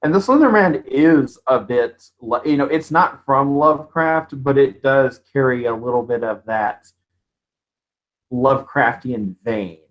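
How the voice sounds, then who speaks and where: A man co-hosting a live show, chatting casually in an animated way and laughing easily. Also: medium pitch, rough recording. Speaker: co-host. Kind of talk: casual live-stream chat.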